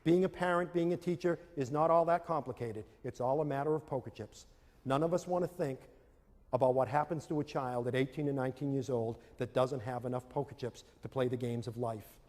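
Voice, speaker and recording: A man's voice: medium pitch, a little fast. A man giving a motivational lecture to parents and teachers, telling stories animatedly and acting out scenes. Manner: animated storytelling, acts out scenes with audience volunteers. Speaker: speaker on self-esteem for parents and teachers. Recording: long reverb of a large hall.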